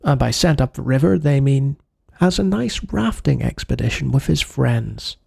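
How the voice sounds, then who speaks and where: Gravelly man joking through a retro game. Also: mid-range voice, lively intonation, moderate pace, mellow, dry recording. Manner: playful, jokey asides. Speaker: retro game channel host. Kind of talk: let's-play commentary.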